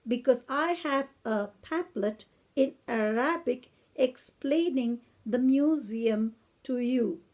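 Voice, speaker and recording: A woman putting on a very old British lady with a British accent, who talks slowly and over-clearly in a prim, condescending way. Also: sits high, darkish tone. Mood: patronizing politeness. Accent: British English, put on. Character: very old kindly but patronizing British lady.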